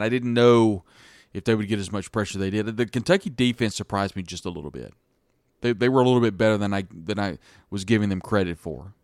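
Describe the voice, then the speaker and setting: A man's voice: on the low side, no room sound, studio quality. A man hosting a sports podcast, talking through a college football game in a casual, rambling monologue with frequent restarts. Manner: conversational, frequent restarts and hedges.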